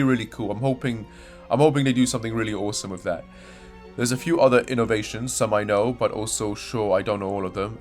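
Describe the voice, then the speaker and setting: A young man hosting a gaming channel, talking through game news in a rambling, sarcastic way and correcting himself as he goes. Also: on the low side. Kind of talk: casual video game news commentary.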